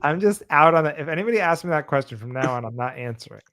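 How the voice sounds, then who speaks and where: A man co-hosting a casual comedy podcast, telling stories with energy and jumping into a higher voice to act out what other people say. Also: quick pace. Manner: animated storytelling, acts out others' lines in a higher voice. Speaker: podcast co-host.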